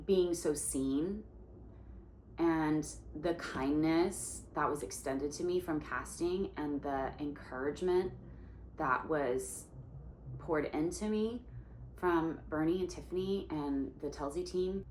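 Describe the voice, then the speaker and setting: A woman in her forties, an actress and singer, telling a story in an animated way and acting out the voices of the people in it. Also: sits low, slight background noise. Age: 40s. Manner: animated, acts out quoted voices. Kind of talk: storytelling monologue. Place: indoor room in New York. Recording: roomy echo.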